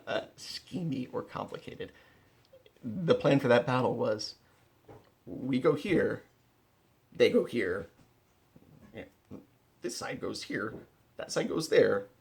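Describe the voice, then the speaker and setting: A man's voice: medium pitch, vocal fry, a little hiss or hum. A man giving a casual instructional talk from home, blunt and emphatic, repeating key words and often restarting his sentences. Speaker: rapier melee instructor. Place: at home, indoors.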